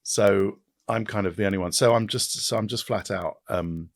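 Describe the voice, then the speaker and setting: A man in his fifties, a podcast guest, talking in an animated way with quick restarts and repetitions. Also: lowish voice, no room sound. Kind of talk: casual interview chat.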